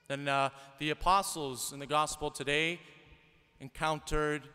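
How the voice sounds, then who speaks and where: Conversational priest in an echoing church. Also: male voice, on the high side, bright, forceful tone, smooth. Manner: conversational, storytelling with rhetorical questions. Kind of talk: sermon. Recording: long church reverb.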